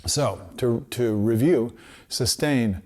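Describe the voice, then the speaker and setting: Male music teacher, easygoing lesson delivery, mid-pitched voice, sounds out syllables to demonstrate. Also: slow. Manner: relaxed explanatory, demonstrates syllables aloud. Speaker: trumpet teacher. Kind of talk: instructional lesson.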